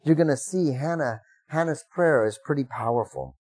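A man's voice: a little high, normal speed, a little mellow. A middle-aged man, a pastor, preaching a sermon in a conversational way, acting out the prayers he quotes with rising emphasis.

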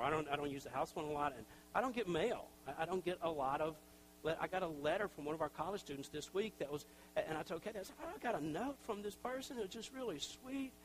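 A middle-aged pastor preaches in a loose, conversational way, full of self-deprecating asides and little acted-out quotes. His voice sits a bit high for a man. A faint hum runs under the recording. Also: low-quality recording. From Tennessee. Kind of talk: sermon.

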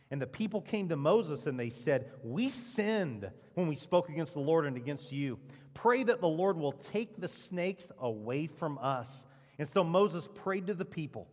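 A man preaching a sermon as pastor, with dramatic emphasis and a lively delivery. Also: big-room sound. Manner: animated preaching with dramatic emphasis and lowered punchlines. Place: church sanctuary.

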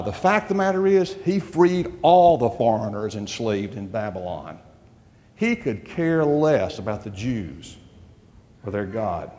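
Preaching to his congregation in church, a male pastor poses rhetorical question after rhetorical question in an emphatic delivery. His voice is fairly high, and it rings with a long reverb tail.

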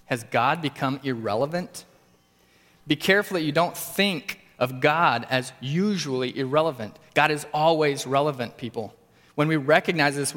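A man preaching in an earnest sermon style, his slightly high voice climbing for stressed points and sinking low for quiet ones. The sound carries a long reverb, as from a church hall. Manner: earnest preaching, rising to emphatic peaks and dropping low. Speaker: pastor.

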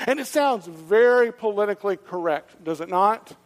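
A man preaching a sermon as pastor, animated and conversational, asking the listeners rhetorical questions. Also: high-pitched, normal speed, few pauses, big-room sound.

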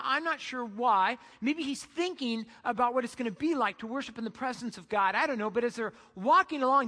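A preacher tells a story in a casual, conversational sermon style. The voice is bright and forceful, and a long hall echo trails after the words. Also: sits high.

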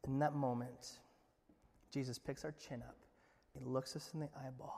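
A man's voice: flat delivery, moderate pace, creaky, pauses often, slightly rough. Impassioned preacher man in a reverberant hall. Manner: dramatic swings from booming to hushed. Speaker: pastor. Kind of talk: sermon.

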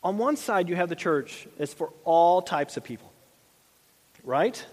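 A man's voice: sits high, lively intonation, unhurried, darkish tone. A man preaching a conversational sermon as a pastor, often repeating and restarting his phrases. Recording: long hall reverb.

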